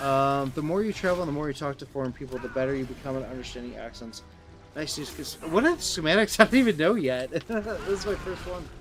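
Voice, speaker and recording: A man's voice: on the high side, expressive, fast talker, over music. Rambling Midwestern man streaming a game. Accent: Midwestern American. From Southern Illinois, USA. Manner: rambling, answers chat, restarts sentences often. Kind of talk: casual live-stream chat while gaming.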